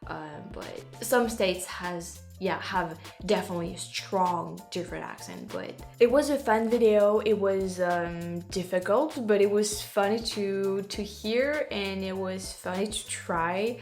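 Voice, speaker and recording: A native French speaker from France, a woman with a French accent, hosts a casual YouTube reaction chat with faint music behind her. Her voice is medium-pitched and a little mellow. She speaks haltingly, often stopping to correct herself, and laughs at herself.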